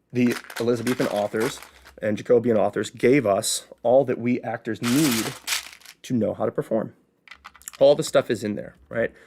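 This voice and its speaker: A man's voice: mid-range voice, darkish tone. A man with a Chicago accent hosting a casual solo show, chatty and explaining things by asking and answering his own questions. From Midwest, Illinois. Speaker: host. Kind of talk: casual educational monologue.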